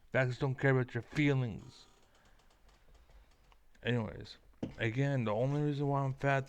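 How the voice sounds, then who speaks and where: A man's voice: mid-range voice, smooth, no room sound. A man delivering a profane, rambling, combative rant to the camera as an online commentator. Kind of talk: ranting monologue to camera.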